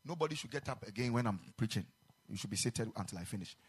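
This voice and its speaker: A man preaching a sermon in a chapel, moving between quiet speech and loud sung exhortation. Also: lowish voice, animated, quick pace, breathy edge.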